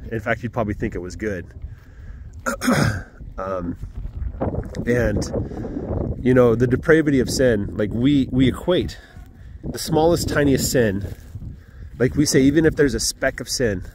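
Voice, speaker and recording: An earnest man talking outdoors on his farm, giving a casual Sunday morning message. He speaks reflectively at a middle pitch, pausing with fillers and clearing his throat. Faint farm sounds and animals murmur behind him. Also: background noise. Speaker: farm vlogger.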